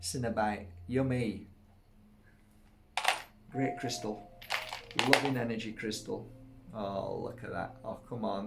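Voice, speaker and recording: A man showing off his crystals in a casual video, gushing with exclamations and squealing up high in delight. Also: little pitch movement, slow, vocal fry, long pauses, noisy background. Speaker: crystal seller and workshop host. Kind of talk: casual show-and-tell video.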